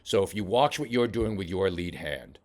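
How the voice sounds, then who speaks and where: Man, boxing coach, low voice, casual fight-film breakdown, halting restarts. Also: animated, a little mellow. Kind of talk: film study commentary.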